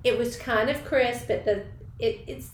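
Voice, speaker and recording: A woman co-hosting a podcast, telling stories in a relaxed, reflective casual chat. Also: fairly high pitch, a little slow. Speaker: podcast co-host. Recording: roomy with faint background hiss.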